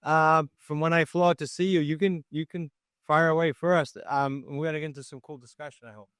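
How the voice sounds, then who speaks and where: A man's voice: a little high, fairly even intonation, brisk, fairly bright tone, clean tone, no room sound, clean studio sound. A man hosting a podcast in casual chat, joking and rambling as he thinks aloud. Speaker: podcast host and coach.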